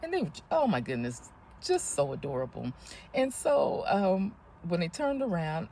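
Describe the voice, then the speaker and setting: A woman in her fifties telling a story in a casual, animated vlog, often breathless and laughing as she talks. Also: fairly low pitch, moderate pace, a little hiss or hum. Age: 50s. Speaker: vlogger.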